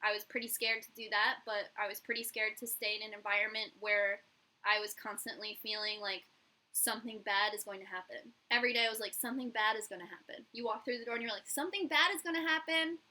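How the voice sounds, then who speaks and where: A woman's voice: mid-range voice, little pitch movement, fast, bright, forceful tone, poor audio. A young woman, a YouTuber and hairstylist, telling a candid, profane story in a casual vlog and acting out the dialogue.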